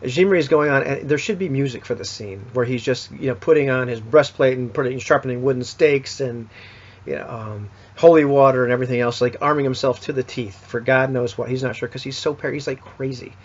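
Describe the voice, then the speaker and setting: A man with a husky, slightly breathy voice talks casually through a recap of a tabletop game session. He rambles and backtracks, full of fillers and restarts. The sound is dull and lo-fi. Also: medium pitch, fairly quick. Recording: dull lo-fi recording.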